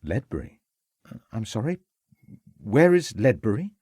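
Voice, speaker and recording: A man's voice: very animated, measured pace, mellow, slightly rough, no room sound, studio quality. A man voicing a fussy, anxious male butler who talks in a proper, superior way. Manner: superior, flustered, high and fluttery.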